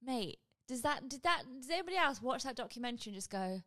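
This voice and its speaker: A woman hosting her own vlog, chatting casually and rambling with quick asides to her viewers. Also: sits high, animated, a bit bright, no room sound. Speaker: vlog host. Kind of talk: casual chat.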